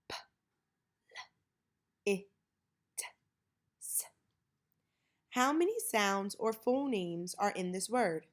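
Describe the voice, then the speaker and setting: A woman teacher leading a children's reading lesson, modeling each word slowly and clearly. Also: mid-range voice.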